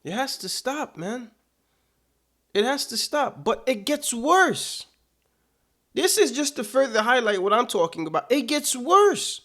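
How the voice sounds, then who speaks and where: A man's voice: very high-pitched, very animated, measured pace, pushed and bright. A man delivering political commentary, emphatic and indignant, repeating his points for weight.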